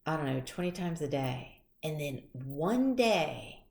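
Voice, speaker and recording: A woman gives a casual tarot reading in a chatty, rambling way, drifting into personal stories. Her voice sits low and her pace is slow. The room around her is echoey. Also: sing-song, gravelly, a little mellow. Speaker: tarot reader.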